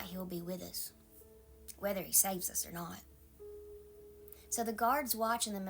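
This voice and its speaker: A woman pastor with a Southern accent and a mid-range voice gives a calm, maternal devotional sermon. She often drops into a soft whisper.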